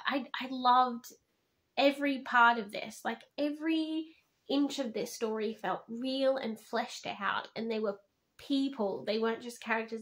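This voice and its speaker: A woman's voice: a little high, a bit bright. A woman reviewing a book in a casual vlog, gushing and heartfelt, often using "like" as filler.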